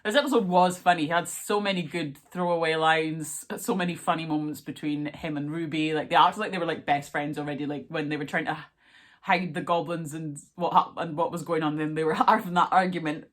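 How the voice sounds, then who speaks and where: A young woman talking through a casual reaction vlog in a chatty, excitable way, full of fillers and asides. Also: deep voice, brisk. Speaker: vlogger.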